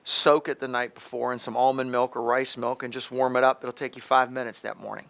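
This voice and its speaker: A middle-aged pharmacist hosts a health advice talk in a gravelly, slightly bright mid-range voice with little pitch movement, speaking a little fast. He's emphatic, addresses the listener directly, and often restarts his sentences.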